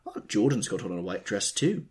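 Male narrator as small eager girl, pitched high, lively. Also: normal speed, breathy edge, heavily acted.

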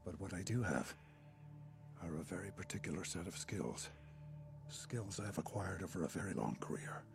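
A man voices a menacing father delivering a slow, cold threat in a very deep, gravelly voice. The clip is played back from a film with music behind it. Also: animated. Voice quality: low gravelly measured.

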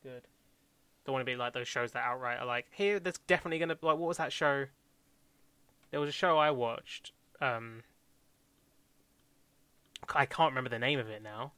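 Young male co-host, crisp bright voice, dry close sound, loose rambling chat full of fillers. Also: mid-range voice, normal speed, pauses often, no room sound. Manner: rambling, many fillers and restarts, laughs often. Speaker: podcast co-host. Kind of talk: casual chat reviewing TV shows.

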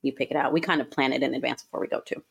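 A woman co-hosting a podcast, chatting casually in a relaxed, rambling way and laughing often. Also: very deep voice, rapid-fire, vocal fry, breathy edge. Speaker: podcast co-host. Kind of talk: casual chat.

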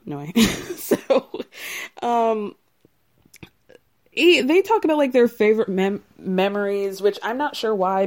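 A woman's voice: medium pitch, darkish tone. A woman casually recapping a reality show in a chatty way, full of "like" and sarcastic asides.

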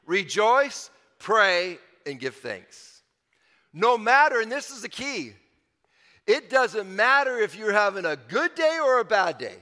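Bright-voiced man preaching in a hall. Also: high voice, big pitch swings, slow. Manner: earnest, conversational preaching with repeated phrases and emphatic swells. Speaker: pastor. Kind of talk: sermon.

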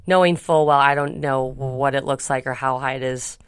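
A woman's voice: very deep voice, level tone, a little fast, clean tone, no echo, studio quality. A woman co-hosting a podcast, telling a travel story in a chatty, rambling way with many fillers. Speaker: podcast co-host. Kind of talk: casual chat.

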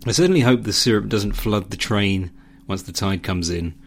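A man voicing Teresa, a calm, dry young woman traveller in a homemade audio story. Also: on the low side, normal speed, a little hiss or hum, natural voice.

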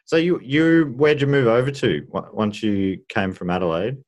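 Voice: mid-range voice, normal speed, darkish tone. A speaker with a Melbourne accent, chatting casually and playfully. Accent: Australian, Melbourne. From Australia. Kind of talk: casual chat.

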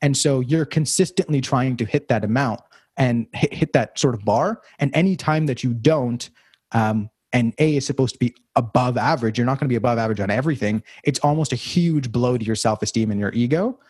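A young man with a slightly husky voice talks in a loose, reflective way, circling back and restarting his sentences. The sound is dry and close, with almost no room around it. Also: mid-range voice, brisk, darkish tone, dry recording. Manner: rambling, reflective, many fillers and restarts. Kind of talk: casual conversation.

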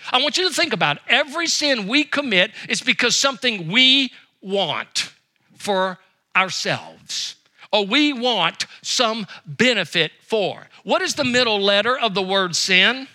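Animated, bright-voiced male preacher. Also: high-pitched. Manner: earnest preaching, voice rising and dropping for emphasis. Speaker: pastor. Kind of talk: sermon.

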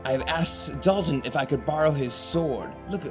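An anxious middle-aged father stammers earnestly in a slightly raised voice, as a man games master plays him. Soft music runs faintly behind. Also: a little high, normal speed, natural voice.

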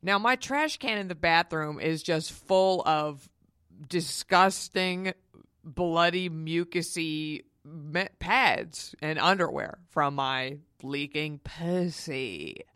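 Woman podcast host, frank and confiding, smooth clear voice, dry close sound. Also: deep voice, animated, slow, fairly bright tone, no echo. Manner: frank, emphatic and confiding, addresses listeners as honeys. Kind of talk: candid personal storytelling.

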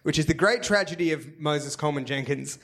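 A man's voice: a little high, a little fast, a bit bright. A man co-hosting a live comedy podcast on a theatre stage, telling a rambling story full of "like" and laughing at his own tale. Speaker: podcast co-host.

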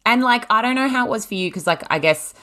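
A woman's voice: fairly high pitch, expressive, fast, bright, forceful tone. A woman hosting a podcast, chatting casually and frankly and swearing in passing. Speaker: podcast host. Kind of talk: casual chat.

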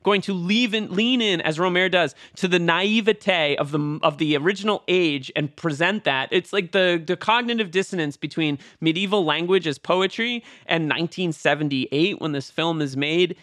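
A man co-hosting a casual film discussion, animated and digressive, who sometimes acts out lines in a theatrical voice. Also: high voice, normal speed, few pauses, no echo, studio quality. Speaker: podcast co-host.

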